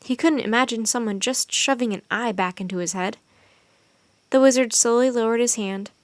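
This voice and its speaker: A woman reads a storybook aloud in a steady, expressive voice. Her voice sits a bit high. The recording is dry and close, with no room sound. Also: moderate pace, no room sound.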